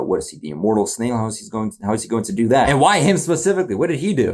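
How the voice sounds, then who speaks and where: A man's voice: medium pitch, lively intonation, racing, few pauses, a little mellow. A man hosting a reaction video, talking in a loose, rambling way, asking incredulous questions and laughing often. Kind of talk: casual reaction commentary.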